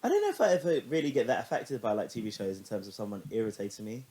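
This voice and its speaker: Fast-talking, animated young man. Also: lowish voice. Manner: animated, laughing, swears casually. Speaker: podcast co-host. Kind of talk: casual chat.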